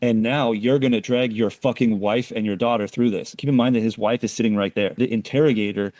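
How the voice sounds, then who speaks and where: A male commentator who explains an interrogation clip in a measured, analytical way. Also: medium pitch, fairly even intonation, a little mellow, no echo.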